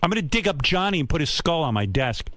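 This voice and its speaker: A brash, boastful older man holds court on a radio show. His pitch swings all over as he slips into mocking voices for the people in his story. The sound is dry and close on a studio mic. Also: big pitch swings, quick pace, fairly bright tone, no echo. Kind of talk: crude comedic radio banter.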